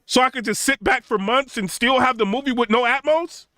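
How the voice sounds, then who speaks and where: A young man tells an animated story in a high, bright voice that keeps asking "right?" and "you know?". He talks casually with lots of fillers, and the sound is dry and close. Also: brisk, dry recording. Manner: acts out quotes of others in a raised, mocking pitch. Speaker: tech channel host.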